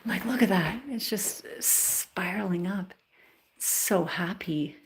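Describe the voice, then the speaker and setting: Female vlogger, unhurried, casual home chat with cooing pet talk. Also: breathy edge. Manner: coos in high baby talk to her birds. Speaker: pet bird keeper and vlogger. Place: indoors at home among plants and birds.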